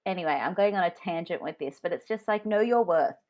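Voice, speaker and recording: Speaking quickly and expressively in a lowish voice, this woman co-hosts a podcast, though the recording's highs are cut off. She chats casually and shares frank, candid tales about her work life.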